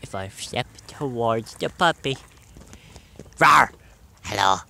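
A man's voice: mid-range voice, measured pace, sharp tone. A young man vlogging outdoors by a reservoir, chatting playfully and joking while he films his dog. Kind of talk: casual commentary while filming a dog.

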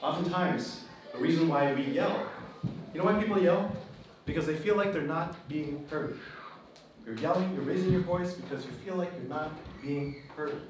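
Emphatic preacher in an echoey hall. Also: male voice, fairly high pitch, moderate pace. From Philippines (Kapampangan). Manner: emphatic, repeats key phrases. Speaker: pastor and host. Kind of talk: sermon to a live group. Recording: echoey room, distant mic, background noise.

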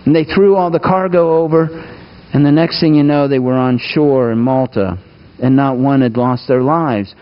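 A man preaching a sermon, asking his listeners questions and moving between raised, urgent lines and hushed asides. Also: mid-range voice, normal speed, clear, resonant tone, dull audio. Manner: asks the congregation questions, swings between raised and hushed delivery. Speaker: pastor.

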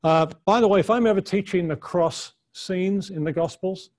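A man teaches a conference session on the Bible with a somewhat high voice. His delivery is earnest and unscripted, and he often restarts his sentences as he works out his point. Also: normal speed, darkish tone. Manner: earnest, thinks aloud with frequent restarts and fillers. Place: conference room.

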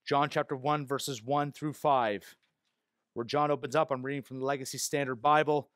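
A man's voice: fairly even intonation, moderate pace, dry recording, studio quality. A male pastor delivering an expository sermon in a church, earnest, with self-deprecating asides. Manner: hushed, low prayer voice. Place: church sanctuary.

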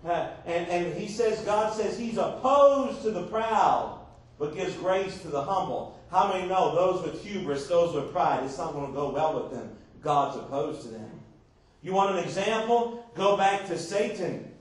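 A man's voice: high voice, unhurried. A man preaching a sermon as pastor, emphatic, often asking the congregation rhetorical questions. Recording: far-off echoey church recording.

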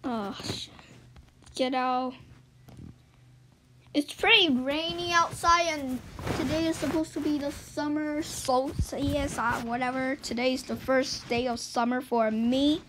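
A woman giving let's-play game commentary as a YouTuber, swinging between loud excited yelps and low muttered asides. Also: takes it slowly, a little hiss or hum, low-quality recording. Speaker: gaming YouTuber.

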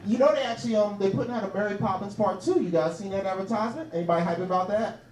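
A man's voice: high-pitched, racing, a little mellow, echoey room, distant mic, low-quality recording. A man from hosting a comedy night, riffing brashly with lots of profanity. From Philadelphia. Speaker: comedy show host. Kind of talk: stand-up hosting. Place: small comedy bar stage.

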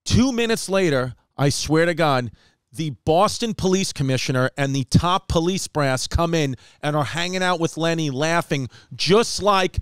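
A man from New York, a comedian hosting a podcast, telling stories in casual chat and jumping up in pitch for quoted voices. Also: expressive, normal speed, smooth, no echo, studio quality.

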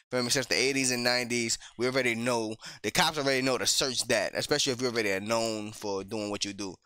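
A man hosting a music reaction video, talking casually with slang and frequent laughs. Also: no echo. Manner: animated, slangy, laughs often; sometimes lowers his voice to a whisper.

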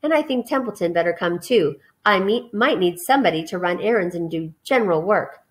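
A wise female spider , voiced by a woman reader, speaks softly and deliberately. Her calm manner sounds steady and thoughtful. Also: lowish voice, lightly acted. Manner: soft, measured.

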